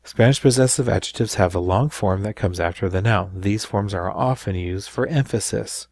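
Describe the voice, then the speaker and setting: A man with a low voice explains grammar in a recorded lesson. He walks through each point patiently, often pausing to ask "right?". The sound is close and dry. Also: a little mellow, no echo. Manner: explanatory, repeats with frequent "right?". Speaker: Spanish teacher.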